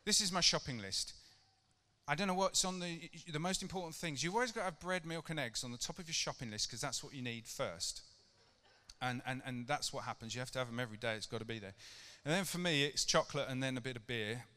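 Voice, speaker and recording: A middle-aged man gives a relaxed, conversational sermon and keeps asking his congregation questions. His voice is bright and clear. It rings out with the long reverb of a church hall. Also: medium pitch, quick pace. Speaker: preacher.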